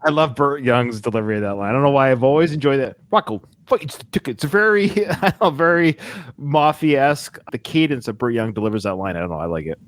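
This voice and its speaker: Fast-talking man with a dry close sound. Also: mid-range voice, no room sound. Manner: enthusiastic, rapid, animated. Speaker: podcast host. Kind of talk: casual film discussion.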